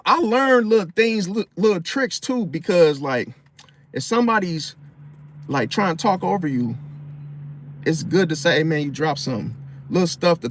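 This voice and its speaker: A man giving casual advice in a slangy, animated way, often acting out loud high-pitched interruptions. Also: slight background noise. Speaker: astrology commentator.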